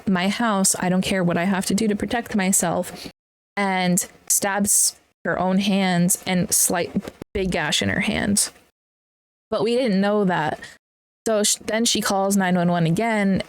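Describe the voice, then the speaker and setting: Young female podcast host, casual storyteller, blunt and profane, mid-range voice. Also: medium pitch. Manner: blunt, swears freely, animated retelling with quoted voices.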